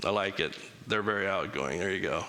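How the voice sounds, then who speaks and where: A man's voice: deep voice, brisk, pushed and bright, a little hiss or hum. A man giving an interactive church talk, casual and joking, asking the congregation to raise hands. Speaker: church speaker. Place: chapel. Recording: long chapel reverb.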